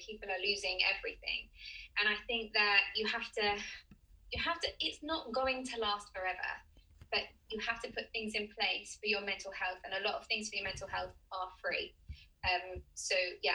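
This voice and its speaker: A woman's voice: mid-range voice, bright, forceful tone, recorded from a distance, rough recording. A woman guest chatting casually on a podcast, laughing often as she talks. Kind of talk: casual interview chat.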